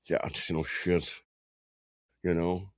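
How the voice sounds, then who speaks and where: A man's voice: deep voice, little pitch movement, takes it slowly, no room sound, studio quality. A man co-hosting a sports podcast, chatting loosely with lots of swearing and jokey stories. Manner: loose, swearing, joking storyteller. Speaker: podcast co-host. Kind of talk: casual sports banter.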